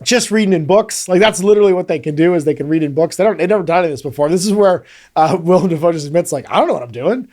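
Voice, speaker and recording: A man with a fairly high speaking voice co-hosts a casual podcast. He recaps a film's plot with animated energy and slips into the characters' lines as he goes. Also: racing. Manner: animated, retells scenes and acts out lines. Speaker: podcast co-host. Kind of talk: casual movie recap chat.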